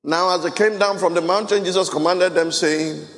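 A high-voiced preacher delivers his sermon, weaving scripture readings into lively commentary and short sung lines. His voice rings through a reverberant church hall. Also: moderate pace. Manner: preaching with Bible reading, asides and bursts of song. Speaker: pastor. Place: church worship service.

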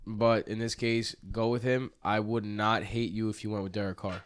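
A young man on a podcast mic, his voice stuffed up and congested from a sudden cold. He talks in a casual, blunt way and makes quick, decisive calls without second-guessing. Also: lowish voice, little pitch movement, clear, resonant tone. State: congested and sniffling. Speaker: podcast co-host. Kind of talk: casual sports chat. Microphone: studio mic.

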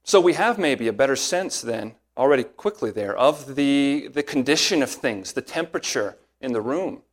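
A man preaching an expository sermon as a pastor, earnest and emphatic, slowing down and speeding up to stress key points. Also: medium pitch, animated.

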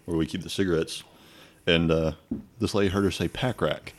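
A man with a fairly low voice chats casually as a podcast co-host. He tells his stories with frequent swearing and breaks into laughter often. His delivery is loose and unscripted. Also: fairly even intonation, a little fast. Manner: profane, laughing storyteller. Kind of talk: casual chat.

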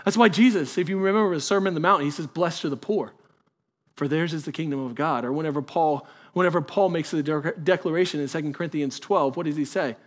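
A pastor, speaking with a fairly high voice. He delivers a sermon in a conversational way, talking straight to the congregation and building to emphatic peaks. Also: fast talker.

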